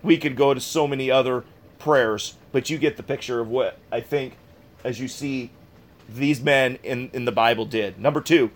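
A man's voice: mid-range voice, normal speed. A man pastor delivering a sermon in an earnest, conversational way, repeating key phrases for emphasis.

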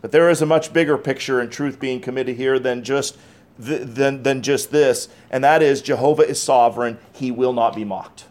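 A man's voice: medium pitch, normal speed, a little mellow. A man preaching a sermon, emphatic and repeating key phrases, with conversational asides between scripture readings. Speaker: pastor.

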